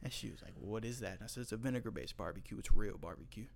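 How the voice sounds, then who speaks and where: A man's voice: on the low side, racing, creaky. A young man from North Carolina who works as a butcher, chatting casually and profanely, acting out his customers as he tells stories. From North Carolina, USA. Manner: profane, storytelling, acts out customers. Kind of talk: casual chat.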